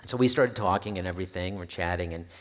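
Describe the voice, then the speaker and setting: A man's voice: low voice, quick pace. A male historian giving a public talk about his book, telling anecdotes in an easygoing way with occasional filler hesitations. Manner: relaxed storyteller with some filler hesitations. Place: library event hall. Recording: long reverb of a hall.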